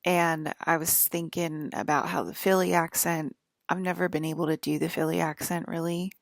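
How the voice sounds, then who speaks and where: Low, gravelly rambling woman vlogger. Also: little pitch movement, moderate pace, no room sound, studio quality. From northern US. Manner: rambling, many fillers and restarts, tangents. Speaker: online broadcaster. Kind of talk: casual rambling monologue.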